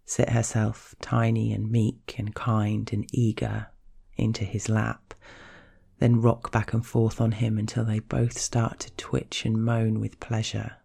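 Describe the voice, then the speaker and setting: A man narrating a scripted story in a slow, hushed, measured way. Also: fairly low pitch, completely flat delivery, gravelly, breathy edge.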